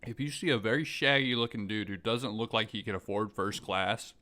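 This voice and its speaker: A young man co-hosting a podcast in casual chat, acting out scenes with loud bursts of laughter. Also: on the low side, fairly quick. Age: young adult. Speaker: podcast co-host.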